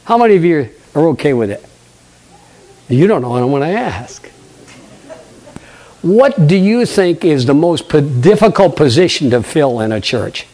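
An older man, a pastor, preaching a lively sermon, acting out conversations and questioning his congregation. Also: on the high side, normal speed, pauses often. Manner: animated preaching, acts out dialogue, asks the congregation questions.

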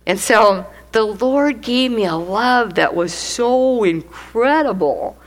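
A middle-aged woman giving a lively church testimony, laughing often and acting out the voices of people in her story. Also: on the high side, takes it slowly, poor audio. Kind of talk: testimony sermon.

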